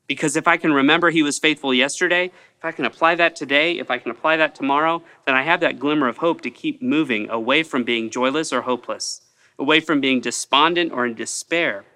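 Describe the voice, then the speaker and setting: A man's voice: fairly high pitch, a little fast, bright, forceful tone, clear, resonant tone. A man preaching a midweek sermon as pastor, earnest and repeating phrases for emphasis.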